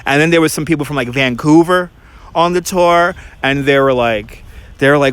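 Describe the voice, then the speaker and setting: A man's voice: on the high side, a bit bright, clean tone, dry recording. Chatty Brooklyn man walking outdoors. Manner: chatty, quick, with frequent restarts and laughs. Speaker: tour guide and livestream host. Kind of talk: casual livestream chat while walking. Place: outdoors in a snowy park.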